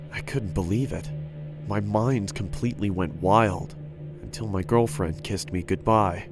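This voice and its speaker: A man narrating a first-person horror story in a steady, earnest way. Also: sits low, gravelly. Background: background music.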